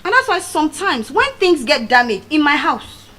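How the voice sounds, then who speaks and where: A middle-aged woman with a Nigerian accent, giving a motivational speech as animated storytelling and repeating key phrases for emphasis. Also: sits high, normal speed, poor audio. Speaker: motivational speaker. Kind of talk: public speech.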